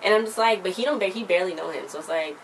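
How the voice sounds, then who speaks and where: A woman in casual chat, animatedly recapping a TV episode and acting out the characters in a lower voice. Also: very fast. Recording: distant mic with faint background noise.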